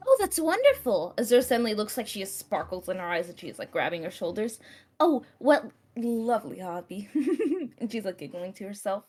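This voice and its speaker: A woman playing a tabletop game, narrating her character and speaking politely in a soft, halting way. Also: mid-range voice, very animated.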